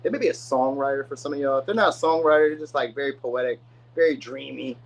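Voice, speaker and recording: Fast-talking rambling man reading tarot. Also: mid-range voice, rough recording. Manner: rambling, slangy, full of "you know what I mean". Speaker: tarot reader.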